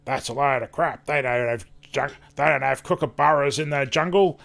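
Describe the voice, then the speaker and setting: A man quoting his grumbling Australian father, gruff and dismissive. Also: mid-range voice, normal speed, fairly bright tone. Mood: indignant. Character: grumbling Australian dad, fed up with films.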